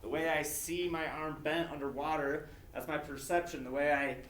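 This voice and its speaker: Teacher in an echoey classroom. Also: male voice, on the high side, fairly even intonation, moderate pace, a bit bright. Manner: drills words in call and response; frequent "okay" fillers, repeats prompts. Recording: echoey classroom from far off, faint noise.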